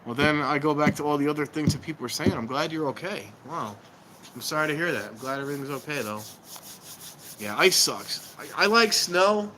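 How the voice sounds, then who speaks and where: A man rambles in a loose, casual chat with his viewers, easily drifting from one thought to the next. He is outside near a train station. Clear street noise runs behind his voice. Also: on the high side, brisk, bright, forceful tone, low-quality recording. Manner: rambling, talks to viewers while walking about. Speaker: vlogger. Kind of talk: casual live-stream chat.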